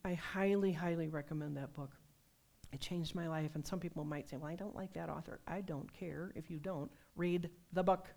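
Woman preacher, low voice, conversational sermon, animated storytelling. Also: normal speed. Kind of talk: sermon with personal stories.

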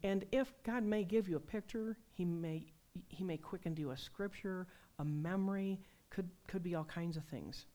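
A woman preaching a sermon, telling personal stories in a conversational, animated way. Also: fairly low pitch, moderate pace, hardly any pauses. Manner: conversational, animated storytelling with laughs.

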